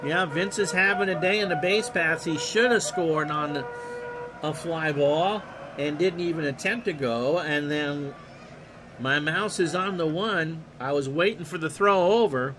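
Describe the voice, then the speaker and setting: A man streaming a simulated ballgame, giving relaxed play-by-play between musing chat asides and livening up on big plays. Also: fairly high pitch, unhurried, noisy background.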